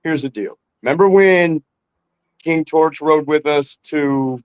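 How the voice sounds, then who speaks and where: Laid-back swearing rapper, dry sound. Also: male voice, on the high side, slow pace, darkish tone, clean tone, no echo, rough recording. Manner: laid-back, swears freely, calls the host bro. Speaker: rapper guest. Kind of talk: casual interview chat.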